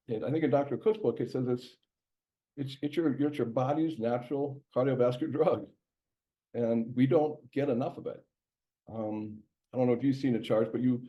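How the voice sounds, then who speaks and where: A man, a doctor, giving a casual health presentation in a conversational way, with many fillers and restarts. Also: medium pitch. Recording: dull lo-fi recording.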